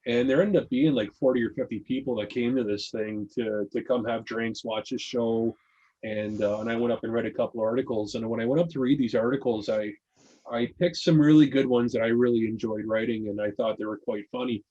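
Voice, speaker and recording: Casual podcast storyteller, male, husky, rambling delivery, dull lo-fi sound. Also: medium pitch, steady tone, a little fast, dark tone. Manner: rambling, many restarts and fillers. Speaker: podcast guest reading his own article.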